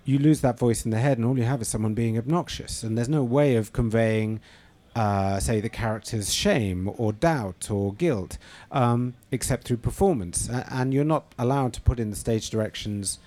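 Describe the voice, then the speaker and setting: A man's voice: medium pitch, normal speed, hardly any pauses, mellow. A middle-aged man, a novelist and screenwriter, answering interview questions thoughtfully, with frequent fillers and restarts.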